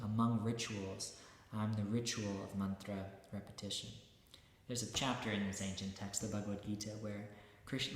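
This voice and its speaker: A man giving a relaxed, conversational spiritual lecture as a meditation teacher. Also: on the low side. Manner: relaxed, conversational, with many fillers. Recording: very echoey hall, long reverb.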